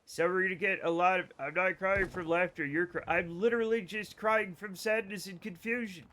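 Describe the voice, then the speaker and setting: A young man streams a game live, talking with his viewers in a high voice at a moderate pace, with a little background noise. He's excitable, trades banter with chat, and breaks into sudden outbursts during this casual gameplay commentary.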